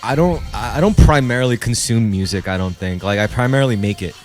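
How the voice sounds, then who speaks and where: A man's voice: medium pitch, fast talker, a little mellow. A man co-hosting a podcast, chatting loosely and profanely while reacting to music videos. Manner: loose, profane, wandering commentary. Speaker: podcast co-host. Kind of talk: casual chat while watching music videos.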